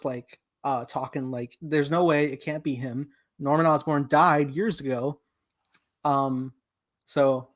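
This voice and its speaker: A man hosting a casual movie review chat, talking excitedly and laughing often. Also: fairly high pitch. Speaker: podcast host.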